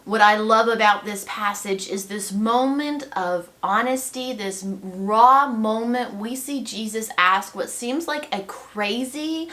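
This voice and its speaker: Slow, reflective woman Bible teacher. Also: medium pitch, fairly bright tone.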